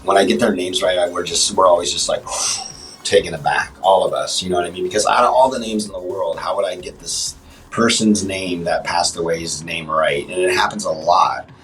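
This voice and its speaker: A man talking as a guest on a livestream chat show, speaking haltingly with many restarts and fillers. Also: low-pitched, fairly even intonation, a bit bright, distant mic, soft background music, rough recording. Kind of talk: casual interview chat.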